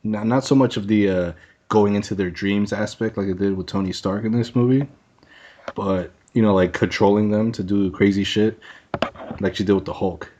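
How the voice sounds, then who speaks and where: A man's voice: fairly low pitch, fairly even intonation, moderate pace, warm tone. A man hosting a casual podcast, rambling loosely and laughing easily. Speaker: podcast host. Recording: dull lo-fi online call audio.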